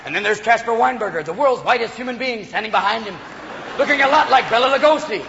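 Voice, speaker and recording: A man doing a rapid, ranting stand-up routine on a club stage, slipping into voices and shouts. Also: very high-pitched, animated, creaky, in a large hall. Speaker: stand-up comedian. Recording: dull live club recording, audience noise.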